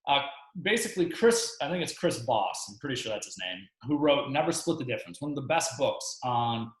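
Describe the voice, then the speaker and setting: A relaxed man explaining sales conversations in a casual coaching webinar, mid-pitched, with fillers and easy laughs. The room around him is echoey. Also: brisk. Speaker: real estate coach co-hosting a webinar.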